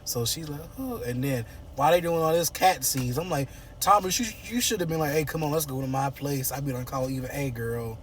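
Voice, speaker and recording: Animated man recapping a soap, slightly distant. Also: mid-range voice, fairly quick. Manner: animated, playful, acts out characters' lines. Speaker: soap opera recap host. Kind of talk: casual recap chat.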